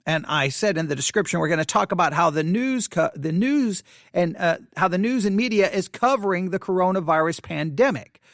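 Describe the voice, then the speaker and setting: On this live religious broadcast, the male host has a high-pitched, fairly bright voice with no echo. He reads the Bible aloud into a studio mic and comments on it, sounding agitated, emphatic, and repetitive like a preacher.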